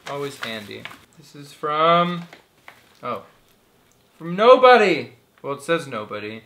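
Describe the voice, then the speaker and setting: A woman's voice: deep voice, very animated, a little slow, fairly bright tone. A woman in a casual home vlog, chatting and joking as she opens and reads fan mail aloud. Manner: playful, jokey, reads labels aloud. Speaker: vlogger opening fan mail. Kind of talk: casual chat.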